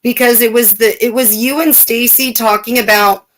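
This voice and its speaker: A woman telling personal stories in a relaxed chat, with many fillers and restarts. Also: on the high side, normal speed. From California, USA. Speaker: guest. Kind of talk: casual storytelling chat.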